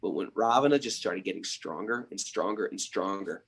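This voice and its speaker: A man's voice: deep voice, normal speed, creaky, fairly bright tone, breathy edge. A man hosting a spiritual podcast, retelling stories with emphatic rhetorical questions. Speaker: podcast host. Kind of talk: spiritual storytelling and teaching.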